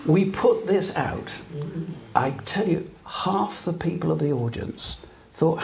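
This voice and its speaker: A man's voice: on the high side, lively intonation, slow, creaky, darkish tone. An older man from Britain who tells stories earnestly and emphatically as a guest at a public talk. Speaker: guest broadcaster. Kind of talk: live public interview storytelling. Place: talk venue with an audience.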